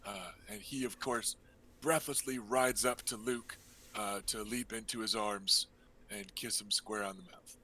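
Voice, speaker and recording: A man narrating a tabletop role-playing game as game master, relaxed and full of ums and uhs. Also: on the low side, a little slow, slightly rough.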